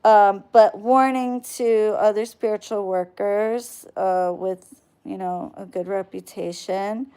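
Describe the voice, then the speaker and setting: Smooth-voiced woman ranting bluntly. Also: mid-range voice, steady tone, takes it slowly, warm tone. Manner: blunt and profane, with many fillers. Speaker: spiritual worker and business owner. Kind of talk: casual vlog rant.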